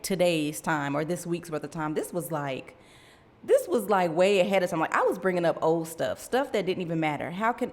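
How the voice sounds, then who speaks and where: A woman's voice: on the low side, big-room sound. A woman in her thirties hosting a faith podcast, telling a personal story in a chatty way, talking straight to her listeners and laughing at herself. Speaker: podcast host.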